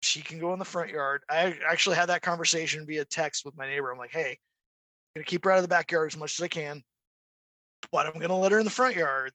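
Guy on a podcast, bright tense voice, kinda high, dry close sound, goofy storyteller. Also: dry recording. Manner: animated storyteller, imitates barking dogs. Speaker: podcast guest. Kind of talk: casual chat.

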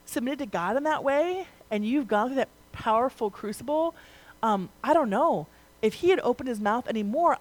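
A woman's voice: a little high, darkish tone, rough recording. A young woman preaching a sermon in a conversational way, using lots of casual fillers and turning emphatic at key points. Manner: conversational, rising to emphatic, frequent "like" and "right?".

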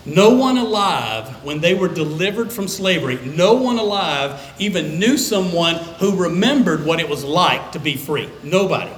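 Male pastor, sermon, conversational, emphatic, slightly high voice, faint background hum. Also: animated, fairly bright tone, low-quality recording. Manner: conversational, emphatic, dramatic pauses. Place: church sanctuary.

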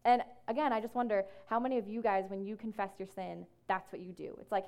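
A woman speaking to a room as ministry staff, casual and conversational with many fillers, slowing down whenever she reads scripture. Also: mid-range voice, steady tone, mellow, clean tone. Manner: slows down to read scripture. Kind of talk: talk to a group. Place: room with an audience.

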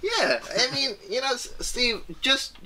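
A man's voice: very high-pitched, very animated, measured pace, noisy background. A man co-hosting a podcast in casual chat, rambling and throwing out ideas with enthusiasm. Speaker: podcast co-host.

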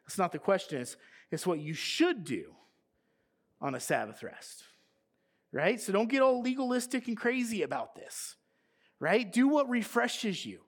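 Male pastor, sermon delivery, fairly high voice with animated pitch swings, questions to the congregation. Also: a little slow, slightly rough. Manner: animated preaching, reading scripture aloud, asks the congregation questions.

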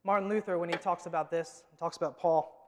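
A man preaching a sermon as the pastor of his church, emphatic and moving from loud to hushed. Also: on the high side, fairly even intonation, a little fast. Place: church sanctuary. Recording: long hall reverb.

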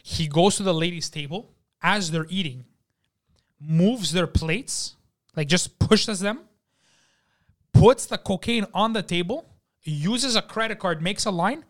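A young man telling profane, animated stories in casual talk and acting out the people in them. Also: high voice, a little slow. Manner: animated, profane, acts out quotes. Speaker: podcast guest. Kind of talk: casual storytelling. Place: studio.

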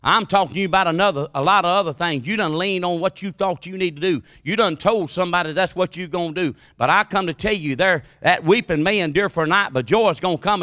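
A man preaches a sermon in a bright, forceful voice pitched a little high. He moves from hushed, confiding lines to loud, impassioned calls. The sound is close and dry, with no room echo. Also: fast, few pauses.

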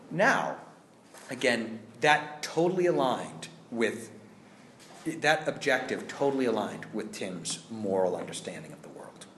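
A man's voice: fairly low pitch, reverberant, a little hiss or hum. A man teaching a scene study class, telling a rehearsal story and acting out the lines he quotes. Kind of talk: classroom lecture.

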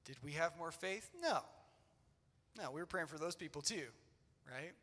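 A man's voice: high voice, sharp tone. A man in his thirties preaching a sermon in an old church, earnest and conversational with loose fillers. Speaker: pastor. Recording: long church-hall reverb.

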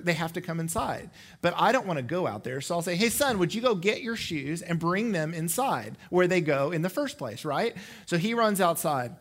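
A man in his thirties preaching a sermon, a father of four, telling animated stories from home and acting out the quotes. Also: high-pitched. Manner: animated storytelling, acts out quotes. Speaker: pastor. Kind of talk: sermon with family anecdotes.

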